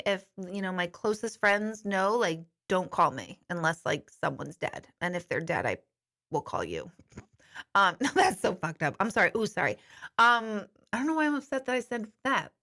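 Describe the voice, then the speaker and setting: Expressive and sharp in tone, her mid-range voice moves at a normal speed. She's an intuitive medium and life coach hosting a candid, conversational studio live stream where she replies to viewer comments, now and then swearing and apologizing.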